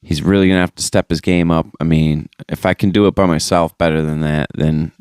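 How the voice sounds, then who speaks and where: A man's voice: steady tone, a little fast, darkish tone, clean tone, dry recording, studio quality. A young man hosting his podcast alone, ranting in a casual, profane, rambling way with plenty of fillers, recorded on a phone mic. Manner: mocking high-pitched impressions of others. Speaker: podcast host. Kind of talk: casual solo podcast rant.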